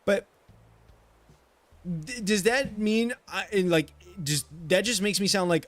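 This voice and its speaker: A man's voice: high voice, expressive, slow, long pauses, fairly bright tone. A man streaming a game, venting in a rambling, frustrated way with many restarts and frequent swearing. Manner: swears freely. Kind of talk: casual chat while streaming.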